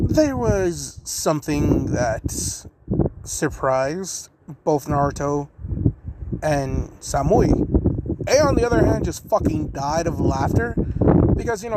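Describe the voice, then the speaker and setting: A man casually improvising a fan story out loud, rambling with lots of "you know" and the odd curse, on a noisy recording. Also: a little high.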